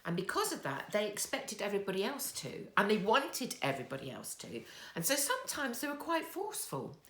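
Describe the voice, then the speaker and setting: A woman giving a soft, slow children's talk at church, telling a story with many pauses. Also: medium pitch, sing-song. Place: church hall. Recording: echoey church room.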